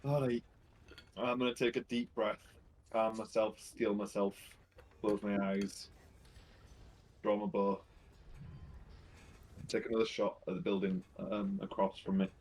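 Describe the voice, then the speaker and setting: A man's voice: lowish voice, level tone, measured pace, pauses often, a little mellow, slight background noise. A man playing in a tabletop game, joking and bantering casually with the group. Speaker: player.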